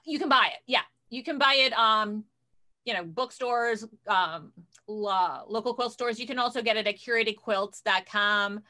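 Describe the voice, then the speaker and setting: Woman quilter guesting on a video call; bright, chatty, casual. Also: on the high side, normal speed. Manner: chatty, scattered while fumbling with screen sharing.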